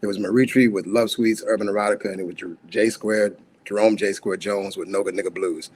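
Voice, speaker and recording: A man's voice: lowish voice, fairly even intonation, fairly quick, a little mellow, a little hiss or hum. A grieving man speaking as a guest on a talk show, raw and emotional, swinging between laughter and anger. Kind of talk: livestream talk show conversation.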